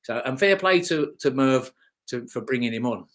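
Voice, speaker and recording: A middle-aged former motocross racer, appearing as an interview guest, tells rambling, chatty stories at normal speed. His mid-range voice is animated and a bit bright, and he restarts sentences and chuckles along the way.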